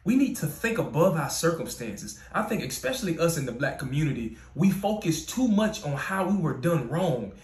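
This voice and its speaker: A man's voice: a little high, sing-song, normal speed, few pauses, darkish tone. Emphatic preacherly man in an echoey room. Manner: preacherly, builds to emphatic repeated declarations. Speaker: podcast host. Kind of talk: motivational Christian podcast talk. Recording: roomy echo.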